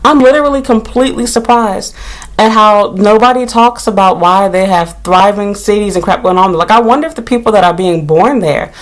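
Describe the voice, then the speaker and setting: A woman talking casually to her vlog audience from her small apartment, rambling with lots of "like" and cursing freely. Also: brisk. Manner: animated, rambling, heavy use of "like", swears freely; shrieks and jumps high when retelling her panic. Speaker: vlogger.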